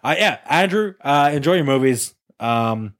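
A man's voice: mid-range voice, lively intonation, moderate pace, fairly bright tone. A young man hosting a podcast, joking around and laughing often while he rambles. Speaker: podcast host. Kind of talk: casual chat.

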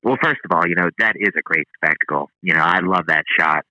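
A man's voice: sits low, brisk, pushed and bright, dry recording, rough recording. A man appearing as a guest on a podcast, chatting casually and agreeably about a comic book. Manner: agreeable, easygoing, thinks aloud.

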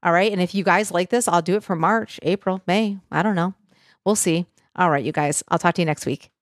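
A middle-aged woman chatting into a close mic as a podcast host, lively and conversational, acting out listeners' voices. Her voice sits fairly low, and the recording is dry with no room sound. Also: brisk, no room sound. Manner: chatty, animated quoting of listeners. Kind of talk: casual solo podcast chat.

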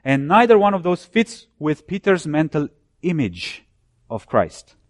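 A man preaching a sermon, building his points through repeated phrases and dropping low and soft when he cites scripture. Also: big pitch swings, measured pace, no echo, studio quality.

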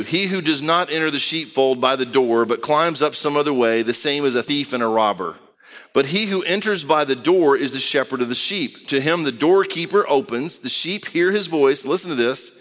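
A man preaching a conversational sermon, reading scripture aloud and acting out quick voices. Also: sits high, a bit bright, long reverb tail.

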